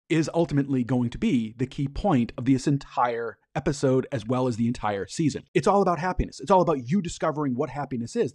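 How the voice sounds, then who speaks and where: A man's voice: mid-range voice, dry recording. A man hosting a podcast, recapping a TV episode in a casual, enthusiastic way and briefly acting out the characters' lines. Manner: enthusiastic, acts out quoted lines in animated bursts. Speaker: podcast host.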